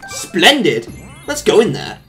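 A let's play commentator giving casual gameplay commentary, humming little made-up tunes, cooing at the game characters like pets and letting out sudden excited yelps and laughs. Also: medium pitch, takes it slowly, soft background music. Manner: hums little made-up tunes while playing.

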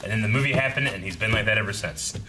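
A man co-hosting a casual chat, excitable and playful. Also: fairly low pitch, very fast. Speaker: co-host. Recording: noisy room recording.

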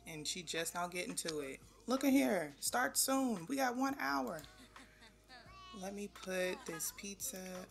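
A young woman giving casual gameplay commentary, talking to the game characters and grumbling at them when they are too slow. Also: fairly low pitch, gravelly. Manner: animated, talks to the game characters, exasperated asides. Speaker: gameplay video host. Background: faint background music.

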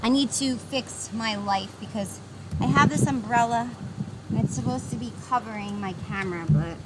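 Bubbly high-voiced New York woman streaming outdoors. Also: normal speed. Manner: bubbly, upbeat, greets chatters by name, laughs often. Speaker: livestreamer. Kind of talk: casual live-stream chat with viewers. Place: outdoors by the water on a pier. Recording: noisy outdoor stream with traffic.

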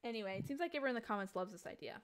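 A woman hosting a charity game stream, chatting casually and reading donation messages aloud with excitement. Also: medium pitch, racing. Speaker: host.

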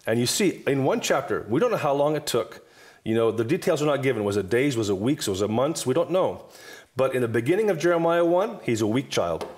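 A man's voice: mid-range voice, sing-song, brisk, a little mellow. A man in his fifties, a guest minister, talking in an emphatic, repetitive preaching cadence during a table talk. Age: 50s.

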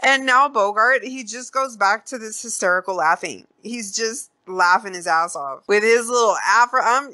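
A woman podcast host recapping a film in a casual, profane, animated way, laughing as she tells it. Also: medium pitch.

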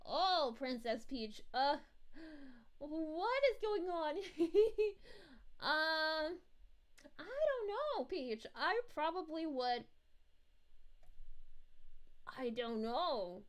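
A woman's voice: high voice, sing-song, drawn-out words, exaggerated voice. A woman voicing a cheerful young princess on a livestream, bubbly and giggly, cooing at viewers while answering chat. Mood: playful. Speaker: VTuber streamer.

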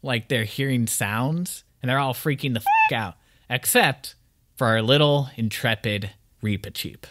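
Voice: mid-range voice, wildly swooping pitch, measured pace, fairly bright tone. A podcast co-host discussing a book thoughtfully, sometimes repeating words while thinking.

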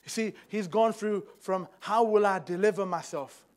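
Young man, preacher, high-pitched voice, church sermon, hushed storytelling, fervent exhortation. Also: moderate pace. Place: church hall.

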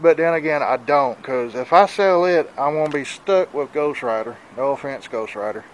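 Speaking at a moderate pace in a mid-range voice, a man in his 40s from the American South rambles worriedly and plainly in a casual vlog. He's out of breath with a stuffy nose, filming outdoors in the wind on a handheld camera, and the poor audio has slight background noise.

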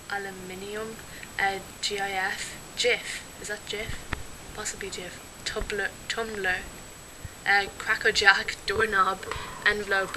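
Giggly young Dublin woman, noisy recording. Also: mid-range voice. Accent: Dublin Irish. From Dublin, Ireland. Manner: chatty, giggly, scattered with fillers. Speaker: vlogger. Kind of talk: casual word-list accent challenge.

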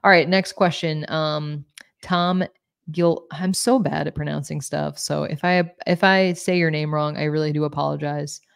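Low gravelly-voiced woman sports co-host. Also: steady tone, normal speed. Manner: chatty, self-deprecating, many fillers. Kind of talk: casual sports talk.

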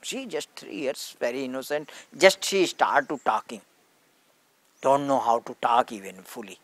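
A man's voice: medium pitch, normal speed, fairly bright tone, dry recording. Earnest man teaching in broken English. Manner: simple broken English, earnest, acts out stories. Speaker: spiritual teacher. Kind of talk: satsang talk with storytelling.

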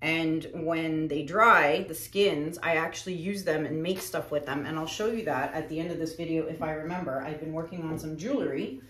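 A woman's voice: sits low, moderate pace, few pauses, a bit bright. A woman artist talking casually to her viewers while she paints. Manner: chatty, addresses viewers directly. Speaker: acrylic pour artist. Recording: echoey room.

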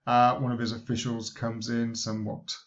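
A male university lecturer giving a recorded lecture, talking in a halting way with many restarts. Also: mid-range voice, completely flat delivery, highs cut off. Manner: hesitant, many fillers and restarts.

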